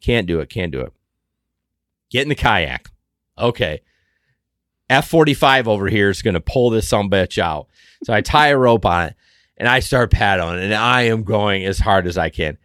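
A man co-hosting a casual talk show, telling a story with a lively, swooping pitch. He swings between loud outbursts and muttered asides. The sound is dry and close. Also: normal speed, dry recording. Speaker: podcast co-host.

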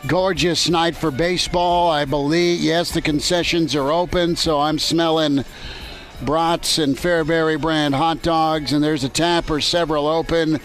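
A male sports radio host broadcasts from a ballpark in a loose, joking manner. His voice sits a little high. Faint music plays in the background. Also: fairly even intonation, unhurried, fairly bright tone. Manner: joking, loose, easygoing banter. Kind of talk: casual sports talk radio. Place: outdoors at a ballpark.

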